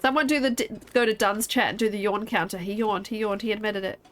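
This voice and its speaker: Sleepy and yawning, a young woman chats casually with her stream viewers during a game, rambling and addressing chat directly. Her mid-range voice is a bit bright, brisk, and steady in tone.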